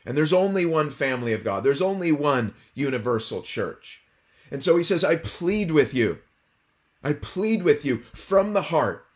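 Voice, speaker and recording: A man preaching an expository sermon, earnest and emphatic, slowing down to stress key phrases. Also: on the high side. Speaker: pastor.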